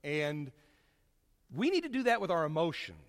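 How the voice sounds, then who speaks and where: A man preaching a sermon to his congregation, folksy and storytelling, swinging from loud to hushed. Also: fairly high pitch, big pitch swings, normal speed, long reverb tail.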